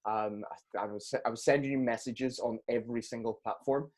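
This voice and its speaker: Guy hosting a podcast, mid pitch, jokey and self-deprecating. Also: fairly even intonation, a little fast, darkish tone. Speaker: podcast host. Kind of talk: casual interview chat.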